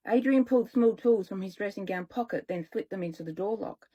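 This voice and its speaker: A woman children's author reading her own story aloud, relaxed and unhurried. She stops to fix small slips and carries on in her ordinary middle voice. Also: mid-range voice, dull audio. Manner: relaxed, self-correcting.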